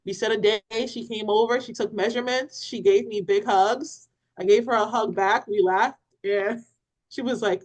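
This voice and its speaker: Recorded roughly, a woman with a mid-range voice talks at an ordinary speed. She's a parenting-podcast co-host spinning an animated story in casual chat, dramatizing quotes and laughing as she goes.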